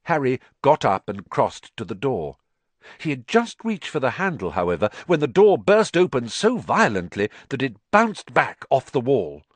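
A man narrating a storybook in a measured, expressive reading. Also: medium pitch, no room sound. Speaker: audiobook narrator.

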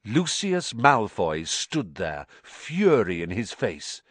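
A man narrating a storybook in a measured, expressive reading. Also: on the low side, breathy edge, no room sound. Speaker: audiobook narrator.

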